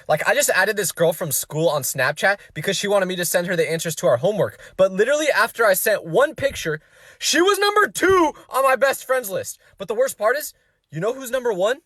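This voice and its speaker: Quick, lively young man telling funny stories. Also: high-pitched, echoey room. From California, US. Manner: animated, exaggerated and quick-talking. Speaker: comedy creator. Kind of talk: comedic storytelling monologue.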